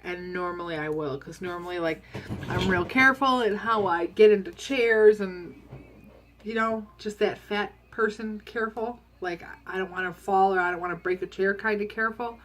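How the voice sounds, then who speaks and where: A woman's voice: medium pitch, normal speed, slight background noise. A woman vlogging a casual, candid diet update from home, chatty and full of ums. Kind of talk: casual chat.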